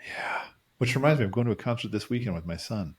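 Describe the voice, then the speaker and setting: A man with a lowish voice co-hosting a podcast in loose, casual chat. He jokes his way from one random topic to the next. His voice leaps up in pitch when he gets excited. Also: fast. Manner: jokey, jumps between random topics, animated swings in pitch. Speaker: podcast co-host. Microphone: studio microphone.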